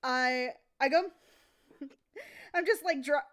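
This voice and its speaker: A woman's voice: sits high, takes it slowly, fairly bright tone. A woman casually telling a rambling, profane anecdote on a live stream. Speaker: comic artist streaming.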